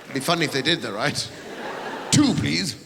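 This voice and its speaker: Rapid-fire and mid-range, this English man's voice cuts over a noisy crowd during a brash stand-up set full of swearing and audience teasing. The big theatre gives the recording heavy reverb and audience sound.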